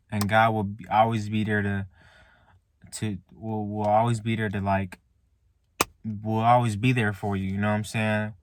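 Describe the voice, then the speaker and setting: A man's voice: on the low side, no room sound. A man in a car telling a faith story to his viewers in loose casual talk, tagging lines with "man" and restarting often. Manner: relaxed, repeats "man" and "like" often, halting restarts. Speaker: vlogger. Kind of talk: casual faith testimony to camera. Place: inside a car.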